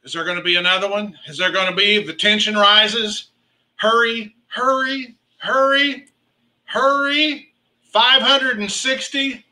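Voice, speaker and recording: A man working as an auctioneer at a charity party, calling out bids and teasing bidders in a playful, excitable way. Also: high voice, normal speed, low-quality recording. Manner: calls rising bid amounts.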